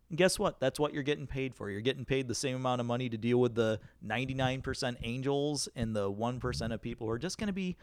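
A man's voice: mid-range voice, fast talker, hardly any pauses, smooth, no echo. A man in a casual podcast chat, folksy and jokey, sharing his views on managing retail. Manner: folksy, jokey asides, laughs while talking. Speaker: podcast co-host.

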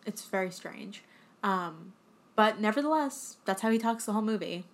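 A woman's voice: medium pitch, expressive, moderate pace. A young woman co-hosting a podcast, recapping a film in casual, sarcastic chat full of "like". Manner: chatty, sarcastic, full of 'like' and acted-out quotes. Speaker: podcast co-host.

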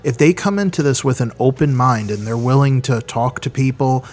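A man talks shop in an easygoing chat, earnest and a bit rambling, and he keeps leaning on "you know" as he thinks aloud. His voice sits at an ordinary middle pitch for a man. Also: moderate pace. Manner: earnest, frequent "yeah" and "you know" fillers. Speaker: musician in a hard rock band. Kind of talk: casual chat.

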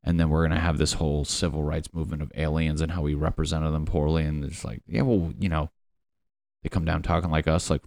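A man's voice: a bass voice, brisk, gravelly, no echo. A young man hosting a casual solo podcast, rambling and swearing, laughing at his own jokes. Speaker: podcast host.

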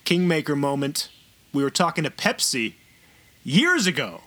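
A man's voice: fairly high pitch, moderate pace, no echo. A man co-hosting a podcast in casual chat, joking and laughing often. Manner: animated, jokey, laughs often. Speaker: podcast co-host.

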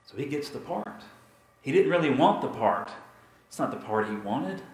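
A man pastor telling a story in a sermon, dramatic and repetitive, with emphatic pauses. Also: mid-range voice, very animated, roomy sound, low-quality recording.

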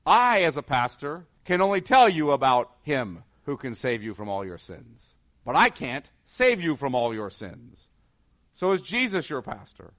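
A man preaching as a pastor, earnest, asking rhetorical questions and moving between soft, low passages and emphatic ones. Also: very animated, a little slow. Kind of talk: sermon.

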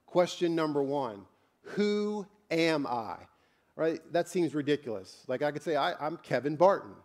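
A man with a notably high-pitched voice delivers a sermon from a church as its pastor. He preaches in a conversational way, slipping in jokes and blunt asides between the readings. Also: lively intonation, a little slow.

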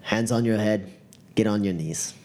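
A man's voice: on the low side, moderate pace, a little mellow, lightly acted. A man voicing a slight, menacing cowboy gunslinger who gives curt threats.

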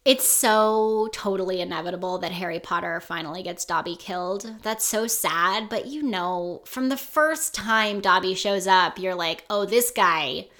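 A woman co-hosting a podcast in casual chat, animated and emphatic, swearing freely. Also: medium pitch, normal speed, hardly any pauses. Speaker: podcast co-host.

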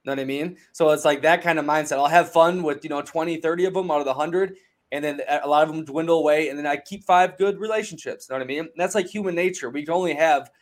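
A man's voice: on the high side, quick pace. A man in casual chat, telling a travel story in a rambling, profane way with lots of fillers.

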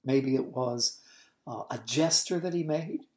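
A woman's voice: extremely low pitch, a little slow, a little mellow. A woman giving expository Bible teaching, retelling the story expressively and explaining original-language words.

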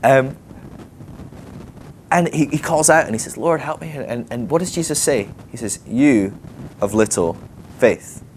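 A man giving a sermon in a loose, conversational way, animated and thinking aloud with fillers and quick laughs. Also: a little high, a little hiss or hum. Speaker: preacher. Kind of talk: sermon teaching.

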